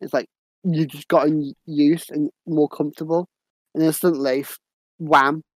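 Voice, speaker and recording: A man's voice: a little high, flat delivery, normal speed, no room sound. A man co-hosting a casual film review, agreeing and adding short, sweary reactions. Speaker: podcast co-host.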